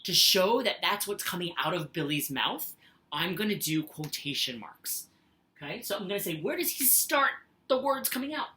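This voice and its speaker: A patient woman teacher talks through a lesson in a low voice that swoops up and down, acting out example sentences with big expression. The recording is roomy and echoey. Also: expressive, moderate pace, bright, forceful tone. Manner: patient, sing-song, reads sentences aloud with exaggerated expression. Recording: echoey room.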